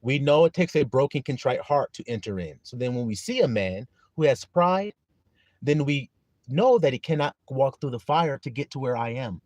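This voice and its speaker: A man preaching a live-streamed sermon, his pitch leaping high and dropping low as he rises and falls. He reads scripture aloud, quizzes his listeners and laughs between points. The sound is close and dry, with no room echo. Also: normal speed. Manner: animated preaching, greets viewers by name, laughs often.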